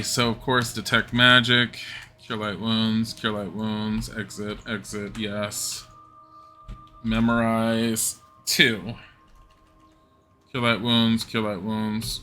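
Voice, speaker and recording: A man's voice: medium pitch, bright, forceful tone. A man streaming a game live, giving wry, casual commentary that swears now and then and reads menu choices aloud.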